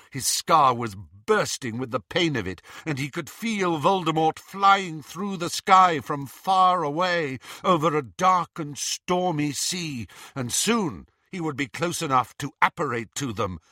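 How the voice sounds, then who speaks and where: A man reading a fantasy novel aloud in a lively, dramatic way, his pitch rising and falling a great deal. He reads slowly and with care, in a bright, forceful tone. The sound is dry and close. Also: dry recording. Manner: animated, dramatic reading with voices. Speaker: audiobook narrator. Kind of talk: storybook narration.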